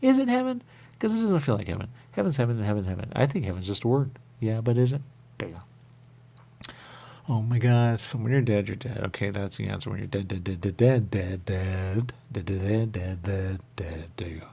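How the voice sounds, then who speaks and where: A man hosting a radio show, rambling through a spiritual monologue with a repeated refrain and sudden high voices when he quotes others. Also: lively intonation, fairly quick, gravelly, dark tone, slightly rough. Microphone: radio studio mic.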